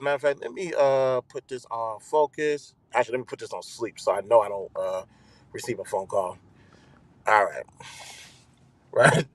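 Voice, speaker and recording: A man hosting his own show, ranting loudly with swearing and repeating himself for emphasis. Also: medium pitch, no room sound. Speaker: host. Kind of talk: ranting live commentary.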